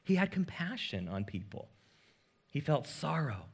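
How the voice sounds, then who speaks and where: A man preaching a sermon as pastor, in a casual, joking manner with lively asides. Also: on the high side, a little slow, breathy edge.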